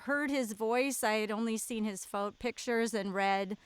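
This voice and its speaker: High-voiced comedian woman, teasing. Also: smooth, no echo. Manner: teasing, quick impressions. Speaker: comedian host. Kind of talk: casual chat.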